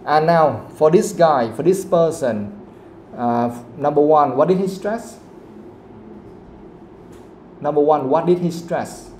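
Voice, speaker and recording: A man's voice: fairly high pitch, takes it slowly, pauses often, a little mellow, slight background noise. Vietnamese-accented man teaching English. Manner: explains patiently, repeats himself, switches into Vietnamese to clarify. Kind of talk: live classroom lesson. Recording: echoey room.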